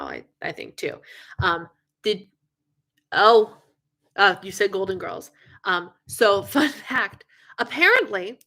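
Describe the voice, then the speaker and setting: Young woman, live stream host, bright clear voice, chatty and animated, yawny. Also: mid-range voice. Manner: chatty, animated, yawning often, many fillers. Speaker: livestream host. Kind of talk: casual live chat with viewers.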